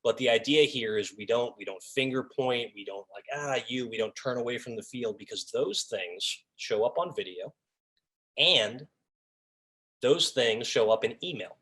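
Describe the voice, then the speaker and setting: Animated man teaching sports officials. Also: mid-range voice, normal speed. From raised by Long Islanders. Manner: animated, acts out lines of officials and coaches. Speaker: officiating instructor. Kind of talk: training talk on a video call. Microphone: video call.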